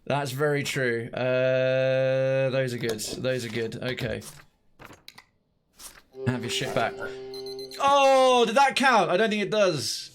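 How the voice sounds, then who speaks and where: A man's voice: medium pitch, slow pace, soft background music. A man giving casual, jokey commentary while playing a game, thinking aloud and swearing now and then. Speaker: let's play streamer.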